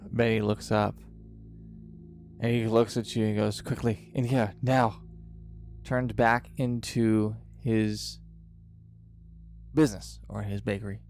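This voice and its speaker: A man's voice: lowish voice, flat delivery, darkish tone, slight background noise. Man narrating a tabletop game. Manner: dramatic, drawn-out narration with pauses. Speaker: game master.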